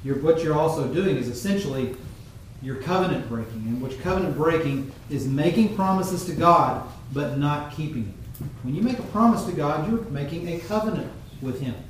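A man preaching a sermon in a measured teaching tone, pausing often with fillers. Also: on the high side, animated, a little hiss or hum. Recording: very echoey room, mic far off.

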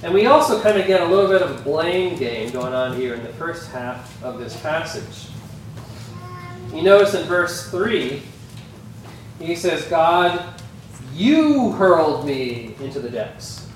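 A man preaching a sermon as a pastor, in a slow, earnest manner that turns animated when he quotes. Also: on the high side, a little hiss or hum. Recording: echoey hall, voice from a distance.

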